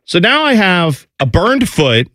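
A man in his thirties telling a lively family story in casual chat, acting out his kids' voices. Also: high voice, unhurried, dry recording, clean studio sound. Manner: animated, acts out family voices.

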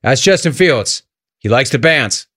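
Sarcastic, lively radio host man. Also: medium pitch, no echo, studio quality. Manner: animated, sarcastic, fast riffing banter. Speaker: radio call-in show host. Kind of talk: radio call-in hosting.

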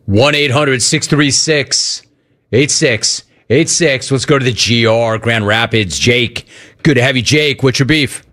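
Male radio call-in host, casual and jokey, middle pitch. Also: a little slow, fairly bright tone. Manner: joking, riffing. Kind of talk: casual talk radio hosting.

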